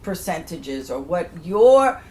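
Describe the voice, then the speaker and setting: A woman's voice: lowish voice, very animated, slow, darkish tone. A woman in an interview, asking direct, emphatic questions.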